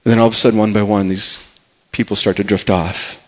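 Preaching at a fairly quick clip with a flat delivery, a pastor gives an earnest sermon. He repeats words to stress them and goes soft and low on the key phrases.

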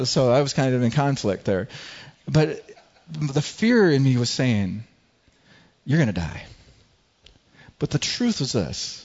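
A male pastor preaching a sermon, animated and telling a personal story with frequent stammered restarts. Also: on the low side, highs cut off.

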